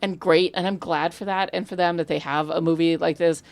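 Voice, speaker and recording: A woman co-host in a casual movie chat, blunt and lively, with a gravelly edge to her voice. She swears freely and talks in a loose, animated way. The sound is dry and close to the mic. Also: lowish voice, brisk, no echo. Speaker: podcast co-host.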